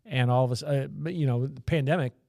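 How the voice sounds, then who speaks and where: A man's voice: medium pitch, fast talker, creaky, a little mellow, no echo. Man asking questions, dry sound. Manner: hesitant, searching for words. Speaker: host. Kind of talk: interview questions.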